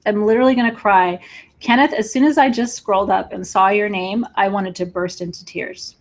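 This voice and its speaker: A woman hosting a live crystal sale online, talking excitedly to viewers in an emotional, gushing way and laughing often. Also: mid-range voice, normal speed. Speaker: livestream crystal seller. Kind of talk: live sales stream, chatting with viewers.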